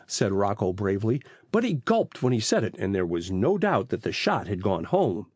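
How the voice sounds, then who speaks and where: A man narrating an audiobook in a lively, expressive reading style on a close mic. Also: lowish voice, moderate pace, few pauses, slightly rough, no echo. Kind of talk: storybook narration.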